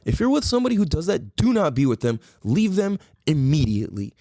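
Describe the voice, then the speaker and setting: A man's voice: a little high, sing-song, brisk, mellow, no echo, studio quality. A male podcast host delivering a heated solo rant, blunt and profane, lecturing the listener with commands and rhetorical questions. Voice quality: profane, blunt, repetitive emphatic phrasing.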